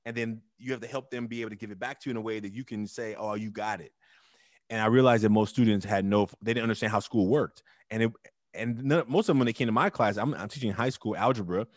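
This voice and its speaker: A middle-aged man telling his story as an interview guest, emphatic and animated with loud bursts. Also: on the low side, fast talker, no echo, clean studio sound. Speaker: interview guest, teacher and club founder.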